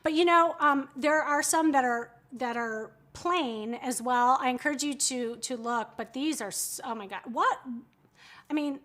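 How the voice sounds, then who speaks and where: A woman's voice: sits high, a little slow, a bit bright. A woman, hosting a live shopping stream in casual, chatty talk, often giggling and breaking off mid-sentence. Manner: chatty, giggly, self-interrupting. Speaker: livestream shopping host. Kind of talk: casual live-selling chat.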